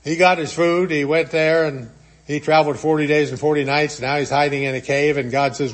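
A man's voice: fairly high pitch, level tone, brisk. A man preaching a sermon, earnestly retelling a scripture story and acting out its quotes.

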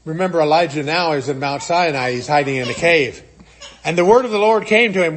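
A man with a high, light voice preaches a sermon. He speaks earnestly and retells scripture, voicing its quotes as he goes. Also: fairly quick, a bit bright.

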